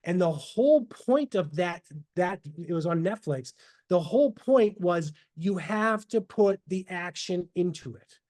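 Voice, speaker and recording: A man speaking as a podcast guest in casual interview talk, animated and motivational, over a video call. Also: high-pitched, a little slow. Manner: animated, motivational, quotes himself in asides.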